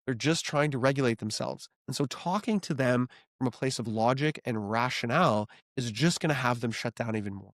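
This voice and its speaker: Calm earnest man coaching on relationships. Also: mid-range voice, a little fast, hardly any pauses, no room sound, clean studio sound. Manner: calm, earnest, coaching tone with acted example phrases. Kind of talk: advice talk to camera.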